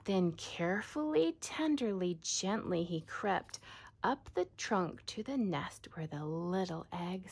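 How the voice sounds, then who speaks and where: A woman reading a children's storybook aloud in a soft, often whispered voice. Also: mid-range voice, husky.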